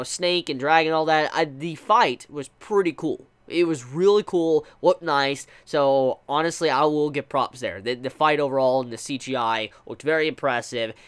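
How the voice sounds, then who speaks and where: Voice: medium pitch, a bit bright, clear, resonant tone. An anime reviewer ranting in a casual video review, exasperated, full of rhetorical questions, repeating words and restarting sentences while thinking aloud.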